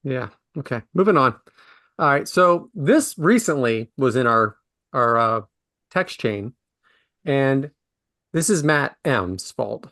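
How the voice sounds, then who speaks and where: A man's voice: mid-range voice, animated, slow, a bit bright, dry recording, clean studio sound. A man co-hosting a casual podcast, ranting in mock outrage about words he hates. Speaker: podcast co-host.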